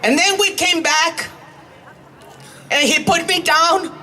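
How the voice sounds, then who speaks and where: A woman's voice: very high-pitched, steady tone, takes it slowly, bright, forceful tone, slight background noise, poor audio. A woman telling a personal story at a public rally, earnest and building to a rousing call to keep going. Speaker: rally speaker.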